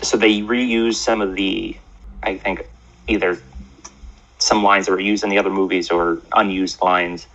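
A man co-hosting a casual chat, telling joking, animated stories over lo-fi remote audio. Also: deep voice, measured pace. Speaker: podcast co-host.

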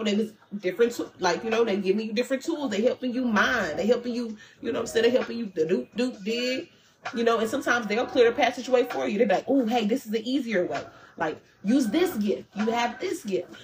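A woman's voice: on the high side, rough recording. A woman talking loosely and conversationally as a tarot reader, full of slang and self-interruptions. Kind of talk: casual spiritual reading for viewers.

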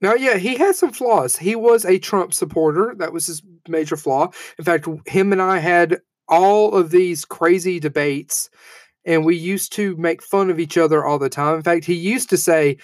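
A man in his thirties giving a heartfelt eulogy, halting and emotional, with frequent fillers and restarts. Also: high voice, dry recording. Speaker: eulogy speaker. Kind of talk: personal eulogy speech.

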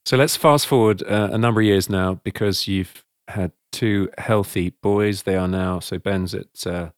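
A man interviewing, gently prompting his guest with questions. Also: sits low, steady tone, normal speed, clear, resonant tone, dry recording, clean studio sound.

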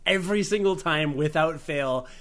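A man's voice: a little high, normal speed, fairly bright tone. A young American man co-hosting a casual podcast, rambling with self-deprecating asides and many restarts. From United States. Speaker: podcast co-host. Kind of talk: casual chat.

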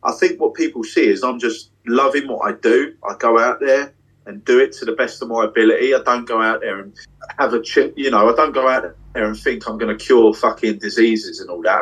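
A man, a magician on tour, talks candidly and swears freely in long excited runs from a backstage dressing room. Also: medium pitch, brisk, breathy edge, recorded from a distance, low-quality recording. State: getting emotional. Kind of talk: candid casual interview.

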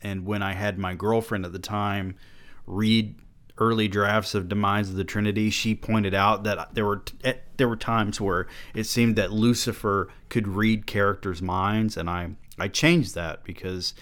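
A young man reads his own old draft in a slow, lowish voice. He stops to mock the prose with sarcastic, profane asides. His delivery is unhurried and dry. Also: little pitch movement, a bit bright. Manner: sarcastic, mocking, swears. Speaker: author reading his own early novel. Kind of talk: sarcastic reading with commentary.

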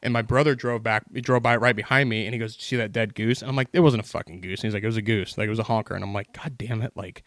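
A man's voice: on the low side, rapid-fire, hardly any pauses, dry recording. Profane, rambling man telling hunting stories. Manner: swears constantly, rambling animated anecdotes. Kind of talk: casual podcast storytelling.

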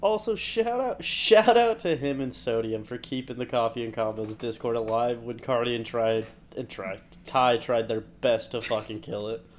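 A man's voice: medium pitch, moderate pace, hardly any pauses, slight background noise. Chatty, swearing podcast co-host man. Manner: chatty, swears freely, restarts sentences. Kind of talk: casual chat.

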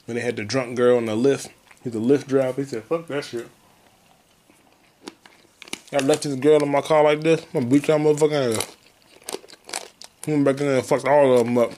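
A man hosting a solo podcast, a comedian ranting casually and profanely, with sudden loud outbursts. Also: mid-range voice, steady tone, fairly quick, pauses often, slight background noise. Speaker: podcast host and stand-up comedian.

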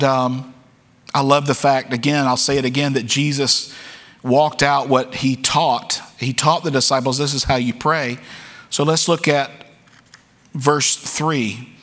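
A man's voice: medium pitch, fairly bright tone. A man preaching a sermon to his church, speaking earnestly and candidly, often repeating words as he goes. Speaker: pastor. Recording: long hall reverb.

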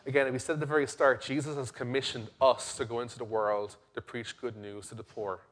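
A young adult man, a pastor preaching a sermon in an earnest way, rising to loud emphasis and dropping to quiet intensity. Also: mid-range voice, level tone, fairly quick.

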